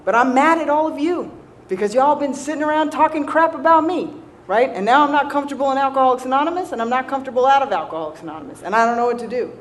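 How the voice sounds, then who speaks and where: A woman's voice: sits high, fast, slight background noise. A woman with a Southern American accent tells a personal recovery story to a live audience, self-mocking and conversational, often checking in with "right?". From Southern United States. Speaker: recovery speaker.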